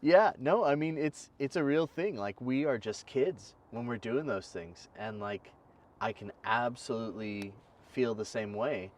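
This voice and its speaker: A man in his thirties hosting a podcast, talking in a chatty, animated way and laughing easily. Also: medium pitch, a little slow, recorded from a distance. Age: 30s. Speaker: podcast host. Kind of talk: casual conversational interview.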